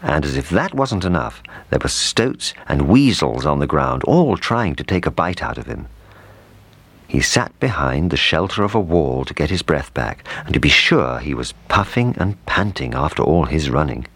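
A man reading a children's storybook aloud with expressive, lively intonation. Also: very deep voice, moderate pace, slightly rough, no echo.

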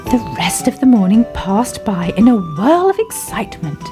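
A woman reading a children's Christmas story aloud, slowly and gently, with playful squeaky voices for the little bears. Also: big pitch swings. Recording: soft music behind the reading.

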